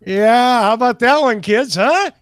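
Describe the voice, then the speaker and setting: Animated man chatting on a podcast. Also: very high voice, a little slow, no room sound. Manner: animated, joking, hesitant restarts. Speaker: podcast co-host. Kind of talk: casual chat.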